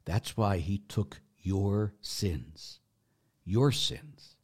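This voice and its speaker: A man's voice: fairly low pitch, expressive, drawn-out words, a little mellow, slightly rough. A middle-aged man, a Catholic priest, preaching in a folksy, joking way with emphatic bursts. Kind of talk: informal preaching talk.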